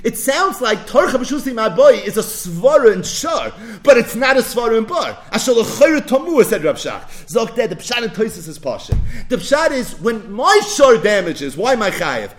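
Lively high-voiced man teaching Talmud. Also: moderate pace. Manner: lively, asks and answers his own questions. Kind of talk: animated Talmud lecture.

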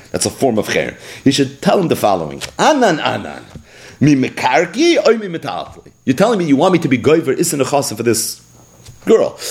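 A man with a medium-pitched, darkish voice teaches a daily Talmud lesson. He reads the Aramaic line by line, explains each in English, and dramatizes the rabbis' exchanges with expression.

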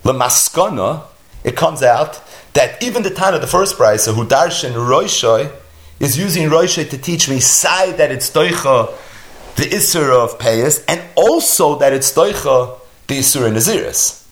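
A man's voice: fairly high pitch, animated, moderate pace. A man teaching a Talmud lesson, explaining point by point with rhetorical questions and many Hebrew and Yiddish terms. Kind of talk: Talmud lecture.

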